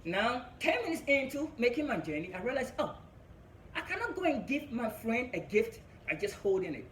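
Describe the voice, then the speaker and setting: A young African man with an African English accent tells a stand-up story, laughing at his own jokes and tossing in "right?" between lines. His voice is very high and sing-song, fairly bright, at a normal pace. The recording is rough and reverberant, with a little hiss or hum.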